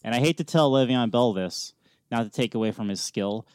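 A man's voice: mid-range voice, fairly quick, darkish tone, clean tone, no room sound. A man co-hosting a sports podcast in casual chat, with a dry, understated manner and short agreeing replies.

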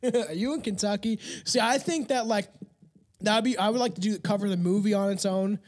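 High-voiced man hosting a loose podcast. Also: a little fast. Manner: loose and profane, stumbles over long read words. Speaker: podcast host. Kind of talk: casual podcast chat, reading passages aloud.

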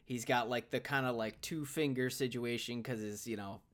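A man's voice: medium pitch, normal speed. A man co-hosting a podcast, adding wry remarks and plot details in casual chat about a movie. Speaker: podcast co-host.

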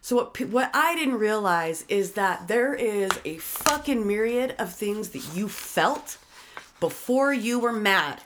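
Woman, casual talker, blunt and foul-mouthed, animated explainer. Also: mid-range voice, slow pace, slight background noise. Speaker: friend giving advice. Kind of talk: casual chat.

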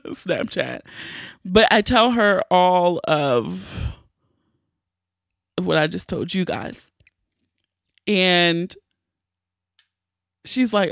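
A tearful woman hosts a podcast and tells a personal story at an unhurried pace. Her voice is gravelly, and the sound is dry and close. She talks candidly, with many fillers and restarts. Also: on the low side, fairly bright tone, no echo. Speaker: podcast host.

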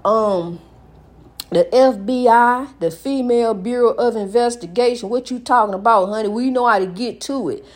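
A woman's voice: a little high, moderate pace, a little mellow. A middle-aged woman giving an emphatic, preachy inspirational monologue, often calling the listener honey. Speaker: speaker giving life advice.

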